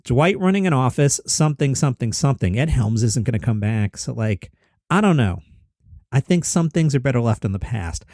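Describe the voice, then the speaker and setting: A man's voice: medium pitch, lively intonation, fairly quick, a little mellow, no echo, clean studio sound. A man hosting a comedy news podcast, chatting through headlines casually and thinking aloud with asides. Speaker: podcast host.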